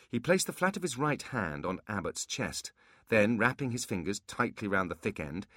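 A man narrating a fantasy audiobook with expressive storytelling. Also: lowish voice, dry recording, studio quality.

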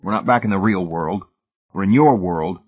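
A desperate, frightened man, voiced by the male narrator speaks hoarsely, with low, strained accusation. The husky voice sounds thin and phone-like. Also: normal speed. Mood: hoarse accusing.

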